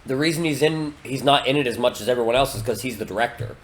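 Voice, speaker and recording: Animated man retelling comedy scenes. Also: mid-range voice, quick pace. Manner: animated storyteller, swears freely. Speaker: podcast co-host. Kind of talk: casual chat.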